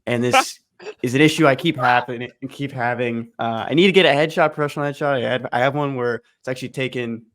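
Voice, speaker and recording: A young man co-hosting a podcast, telling a relaxed, self-deprecating story in casual chat. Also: medium pitch, fairly quick. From Houston area. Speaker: podcast co-host.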